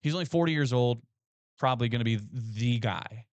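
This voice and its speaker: A man co-hosting a sports podcast in casual, excitable talk with emphatic restarts. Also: mid-range voice, a little fast, clean tone, dry recording.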